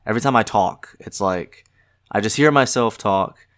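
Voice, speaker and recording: A young man with a Southern US accent and a nasal voice, hosting a solo podcast, halting with many fillers and restarts. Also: fairly low pitch, fairly bright tone. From American South. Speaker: podcast host.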